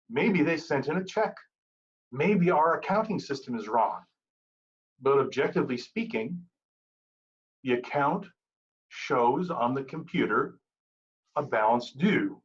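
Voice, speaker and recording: A man delivering a prepared club speech full of dry humor. His voice sits a little high and swings widely in pitch as he tells his stories. The recording sounds dull and lo-fi. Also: slow, long pauses. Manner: humorous, animated storytelling delivery. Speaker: Toastmasters speaker.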